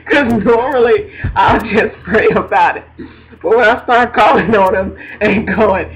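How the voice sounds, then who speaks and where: A woman's voice: mid-range voice, moderate pace, muffled recording. A woman hosting a radio ministry segment, preaching in a chatty, colloquial way and laughing often. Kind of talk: informal radio devotional.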